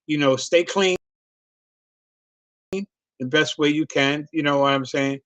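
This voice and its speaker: A middle-aged man tells a loose, profanity-laced story, circling back and laughing as he goes. His voice sits a little high for a man. The sound is dry and close, with no room around it. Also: takes it slowly, a bit bright, no echo. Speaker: comedian. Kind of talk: casual storytelling on a video call.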